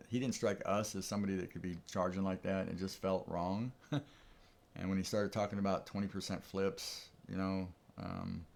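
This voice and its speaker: Low gravelly man talking trades. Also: a little mellow. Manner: thinking aloud, easygoing, with chuckles. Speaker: trading streamer. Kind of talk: casual live-stream commentary.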